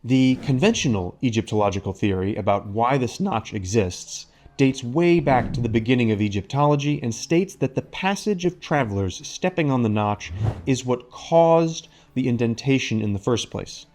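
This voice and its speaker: A man reading scripted voice-over narration, measured and explanatory. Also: mid-range voice, animated, a little mellow. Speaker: documentary narrator.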